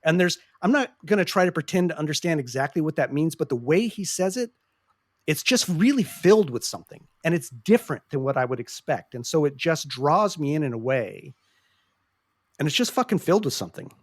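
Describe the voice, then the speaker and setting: Earnest, passionate podcast host. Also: male voice, fairly high pitch, lively intonation, no echo, clean studio sound. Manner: earnest, passionate, frequent swearing; halting restarts when searching for words. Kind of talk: casual podcast discussion.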